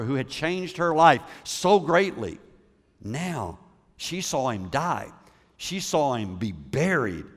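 A male pastor delivers a sermon in an easy, conversational manner, often repeating words and asking the congregation questions. His voice sits at a middle pitch. The sound carries the long reverb of a large church hall.

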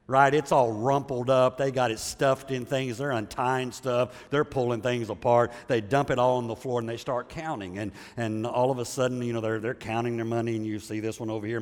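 A man's voice: medium pitch, fairly even intonation, a little fast, few pauses, big-room sound. A man preaching a sermon as a pastor, talking conversationally and often checking in with the audience. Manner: conversational storyteller, asks the audience for agreement.

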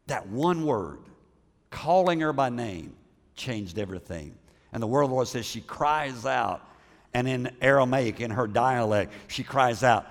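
A male pastor delivers a sermon in an easy, conversational manner, often repeating words and asking the congregation questions. His voice sits at a middle pitch. The sound carries the long reverb of a large church hall. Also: animated, measured pace.

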